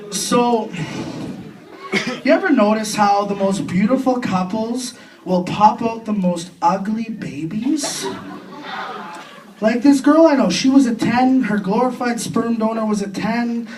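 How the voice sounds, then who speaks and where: High-voiced Canadian stand-up comic, distant club. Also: male voice, a little mellow. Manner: crude, self-deprecating punchlines with quick voiced impressions. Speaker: stand-up comedian. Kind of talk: stand-up comedy set. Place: comedy club stage with an audience. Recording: distant club recording with faint room noise.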